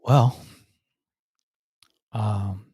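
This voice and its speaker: A man's voice: on the low side, steady tone, extremely slow, mellow, husky, no room sound, studio quality. A man co-hosting a casual live-stream show, talking loosely and teasing, often repeating himself, on a podcast mic at home. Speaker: co-host.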